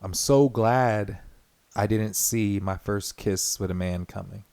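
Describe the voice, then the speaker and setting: A man's voice: fairly low pitch, takes it slowly, vocal fry, a little mellow. A man hosting his own podcast, talking earnestly and rambling in a reflective solo monologue, full of fillers and restarts. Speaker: podcast host.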